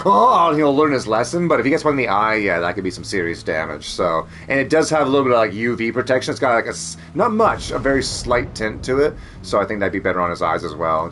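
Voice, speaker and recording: A man's voice: on the low side, fairly bright tone, slight background noise. A man chatting casually as a streamer, rambling, joking and swearing freely. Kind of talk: casual chat.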